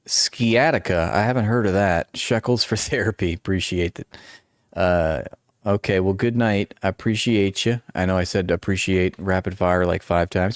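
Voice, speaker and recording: A man in his forties hosts a livestream, chatting casually while rambling, making fun of himself and restarting a lot. His low voice has fairly even intonation and a moderate pace, recorded dry at studio quality on noise-canceling headphones.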